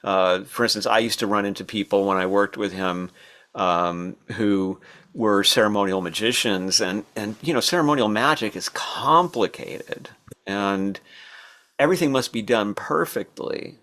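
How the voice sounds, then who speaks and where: An older man telling stories from his past as a podcast guest, thoughtful and unhurried, with fillers and restarts. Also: on the low side, fairly bright tone. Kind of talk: relaxed storytelling interview.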